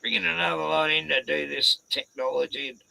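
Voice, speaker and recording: Gravelly Australian man, dry and close. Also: on the high side, fairly even intonation, brisk, bright, forceful tone, no room sound, rough recording. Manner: rambling anecdotes with slang. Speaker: host. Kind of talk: casual chat.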